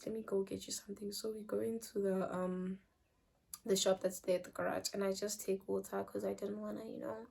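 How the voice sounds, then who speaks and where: A young woman with a South African accent telling a personal story in casual vlog chat, switching between loud bursts and quiet trailing phrases. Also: mid-range voice, gravelly, breathy edge. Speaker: vlogger.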